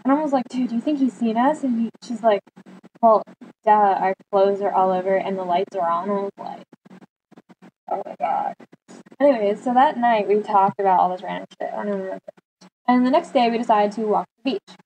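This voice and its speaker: A woman's voice: medium pitch, quick pace, a little mellow, a little hiss or hum, low-quality recording. A teenage girl vlogger chatting casually, telling a long story and animatedly acting out what friends said. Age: teens.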